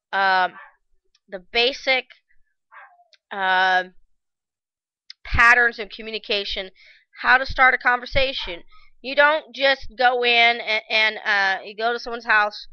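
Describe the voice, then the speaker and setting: A woman tells a personal story to the camera in a halting, reflective way, often circling back and restarting her sentences. Her voice sits fairly high and sounds clear and smooth. The recording is dry and slightly muffled, like a basic home setup. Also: dry recording. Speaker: vlogger.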